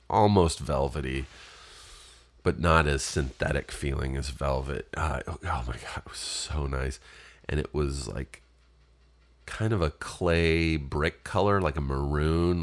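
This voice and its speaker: A man telling a rambling personal story in a casual, profane way, with many fillers. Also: a bass voice.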